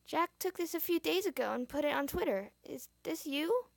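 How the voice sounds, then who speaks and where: A woman voicing an excited young boy in a story she reads aloud, speaking eagerly. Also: high-pitched, normal speed, vocal fry, dry recording, voice pushed up.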